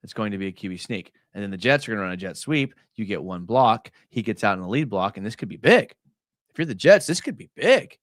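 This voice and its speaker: A young man hosting a casual live stream. He breaks down game film in a chatty way, full of fillers, and gets excited as he talks. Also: fairly low pitch, fast talker, no echo, clean studio sound.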